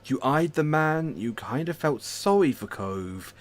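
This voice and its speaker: A man streaming himself reading a story game aloud, narrating in an expressive way with self-mocking asides. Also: mid-range voice, measured pace.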